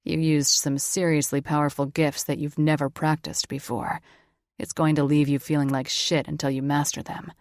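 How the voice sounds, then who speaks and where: Woman voicing a cocky young guy, low and teasing, dry read. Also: flat delivery, normal speed, no echo. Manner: cocky, teasing, loud laugh. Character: cocky, grinning young man, affectionate.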